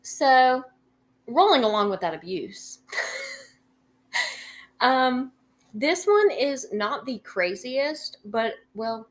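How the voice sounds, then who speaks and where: A young woman co-hosting a podcast tells a story in casual chat, rambling with plenty of fillers and swearing freely. Her high-pitched voice has lively intonation, a slow pace, and long pauses.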